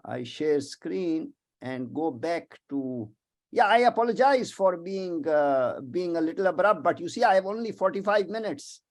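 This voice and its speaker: A man giving a webinar lecture as a visiting professor, emphatic, animated and prone to digressions, over a video call. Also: fairly high pitch, measured pace.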